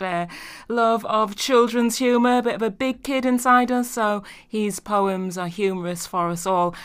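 A woman's voice: medium pitch, clean tone. A woman hosting a live radio show from the studio, giving friendly, upbeat introductions.

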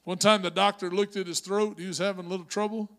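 A high-voiced male pastor with a gravelly edge preaches in a church. He tells stories in a conversational way, then climbs into shouted exhortation. The sound is a live sermon in a sanctuary. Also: little pitch movement, quick pace. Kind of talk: Pentecostal-style preaching.

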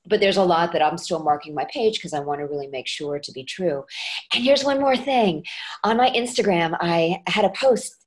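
A woman with a fairly low voice chats as a guest in a relaxed interview. She is an actress and dialect coach who tells her stories with animated swings in pitch. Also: normal speed. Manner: animated storyteller with lively pitch jumps. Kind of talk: casual interview chat.

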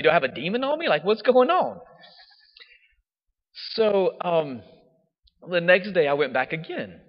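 A man, a diocesan priest, telling a personal story in a chatty, animated way with casual fillers. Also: on the high side, moderate pace. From United States. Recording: dull audio with long hall reverb.

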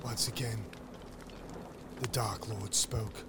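A man playing a devout wizard narrating his tale in a solemn, mock-epic way, at times shouting proclamations. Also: on the low side, steady tone, takes it slowly, very noisy. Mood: brooding. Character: wizard narrator, devout, obsessive, later frenzied. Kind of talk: first-person dramatic storytelling.

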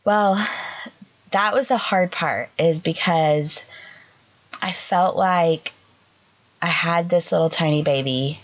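A young adult woman, a podcast co-host, tells an emotional personal story in a halting way, full of "like" fillers. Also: on the low side. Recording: dull lo-fi sound.

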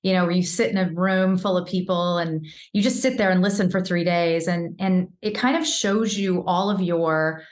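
Animated storytelling woman, roomy sound. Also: fairly low pitch, moderate pace, few pauses. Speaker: vocal coach guest. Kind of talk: casual interview talk.

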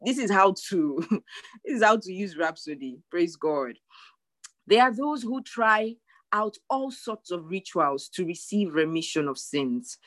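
A woman's voice: fairly low pitch, very animated, unhurried, fairly bright tone, dry recording. A woman pastor preaching a sermon, earnest and emphatic, repeating her key phrases.

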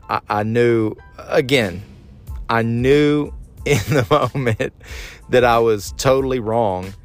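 A man's voice: fairly low pitch, clean tone. A man in his thirties hosting a solo podcast, talking candidly and critically about himself, and now and then acting out his own angry outbursts. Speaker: podcast host.

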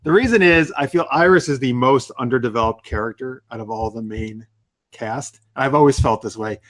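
A man's voice: medium pitch, moderate pace, a bit bright. A man hosting a casual podcast, talking loosely and swearing freely. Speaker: podcast host.

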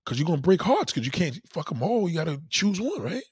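A man's voice: high-pitched, quick pace, breathy edge, no echo, studio quality. A man chatting casually as a host, telling profane stories and acting out quoted people. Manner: animated, profane storytelling with mock-quoted voices. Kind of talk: casual chat.

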